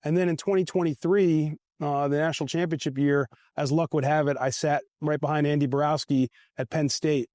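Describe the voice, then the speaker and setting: A man's voice: on the high side, steady tone, a little fast, few pauses, darkish tone, dry recording, clean studio sound. A man, a former football equipment manager, telling rambling, self-amused anecdotes in a casual interview. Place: outdoors at a golf event.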